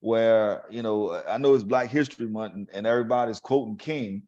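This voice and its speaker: Man hosting, asking measured questions. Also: on the low side, darkish tone, muffled recording. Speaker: host. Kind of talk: talk show conversation.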